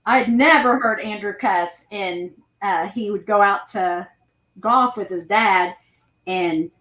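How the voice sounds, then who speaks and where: A woman's voice: mid-range voice, slow pace, fairly bright tone, low-quality recording. A woman hosting a casual craft livestream, chatting and telling family stories with easy laughs. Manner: chatty, storytelling, laughs easily. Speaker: craft channel host.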